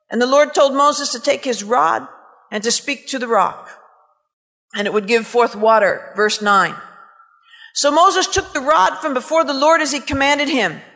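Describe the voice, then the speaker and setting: A woman's voice: sits high, fairly bright tone. A woman preaching a sermon, impassioned and emphatic, with scornful asides and Scripture read aloud. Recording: long hall reverb, faint music.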